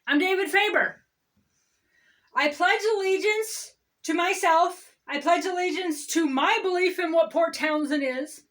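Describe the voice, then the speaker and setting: A woman's voice: very high voice, fairly bright tone, voice pushed up. Woman doing a smug pompous male mayor. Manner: mocking, pompous, drawn-out declarations. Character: smug self-important male town mayor. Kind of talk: comedic impression.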